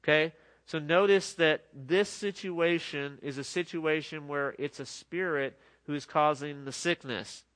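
A man's voice: a little high, a little slow, a bit bright. A middle-aged man preaching a sermon in an earnest, conversational way, often restarting his sentences. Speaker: pastor.

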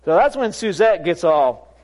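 Male pastor with a light, high voice; lively, laughing sermon storyteller. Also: normal speed, slight background noise. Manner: animated, laughing storyteller who acts out quoted voices. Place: church sanctuary.

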